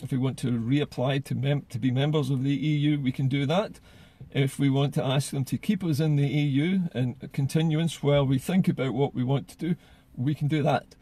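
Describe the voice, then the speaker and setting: A man's voice: medium pitch, moderate pace, hardly any pauses, mellow, breathy edge. A man giving solo political commentary in an earnest way, often repeating words as he gathers his thoughts.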